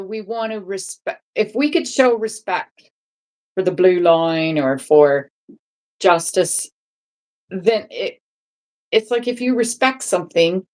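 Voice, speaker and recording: A woman's voice: mid-range voice, a little mellow. A woman, a guest on a casual live-stream chat, talking in a rambling way with many restarts and tag questions. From England. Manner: rambling, restarts often, asks "right?".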